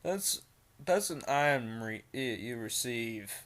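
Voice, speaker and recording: A man's voice: medium pitch, expressive, slow pace, a bit bright. A young man reading a creepypasta aloud, breaking off into rambling, mocking asides full of fillers. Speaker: creepypasta reader.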